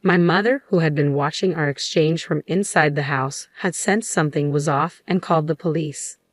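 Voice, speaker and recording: A woman with a low voice reads a first-person story in a steady, even way. The recording is dry and close, with no room sound. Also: normal speed, dry recording. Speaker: narrator.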